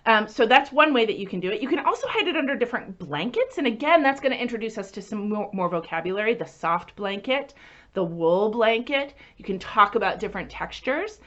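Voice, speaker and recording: A woman children's librarian leading a story time lesson, animated and singsong, asking the children questions as she goes. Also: fairly high pitch, fairly quick, muffled recording.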